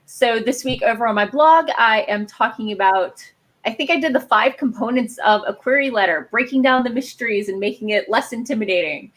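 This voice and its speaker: A woman with a fairly high voice hosts a relaxed writers' livestream. She chats and jokes easily, acting out quoted remarks with lively swings. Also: fairly quick. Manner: chatty, joking, animated quoting. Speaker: livestream host. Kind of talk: casual chat.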